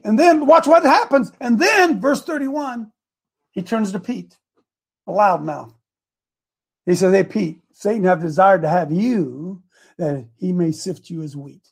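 A man hosting a live show, preaching through a Bible passage in a lively, slangy way and acting out the scripture in casual street talk. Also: high voice, unhurried, gravelly, slightly rough. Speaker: host and preacher.

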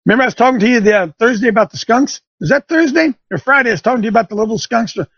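Gravelly folksy man preaching a story. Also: extremely high pitch, expressive, rapid-fire, a bit bright, dull audio. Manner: folksy storytelling, rising to emphatic exhortation. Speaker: show host. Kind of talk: preaching radio monologue. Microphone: studio microphone.

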